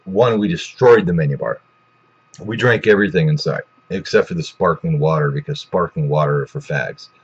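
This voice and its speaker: A man's voice: extremely low pitch, normal speed, husky, dull audio. A man telling a rambling, profane story in a casual way, with lots of restarts.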